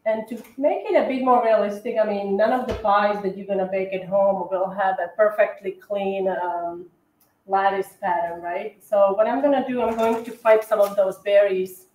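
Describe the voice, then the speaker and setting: A woman's voice: medium pitch, fairly even intonation, normal speed, darkish tone. A woman hosting a decorating livestream, chatting casually with many fillers and self-corrections. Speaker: cookie decorating livestream host. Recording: echoey room.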